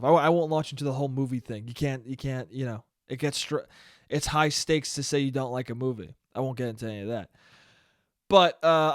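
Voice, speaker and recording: A man's voice: mid-range voice, no room sound, studio quality. A young man hosting a solo comedy podcast, ranting animatedly with profanity and acting out little bits of dialogue. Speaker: podcast host.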